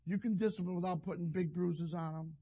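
A man's voice: sits high, fairly even intonation, fairly quick, dark tone, breathy edge, lo-fi sound. An older man, a pastor telling a rambling, folksy story in a sermon. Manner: rambling, folksy, self-interrupting.

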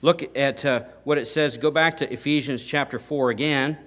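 A man's voice: medium pitch, fairly even intonation, normal speed. Folksy emphatic male preacher. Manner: folksy, emphatic, rising to loud stresses. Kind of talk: sermon.

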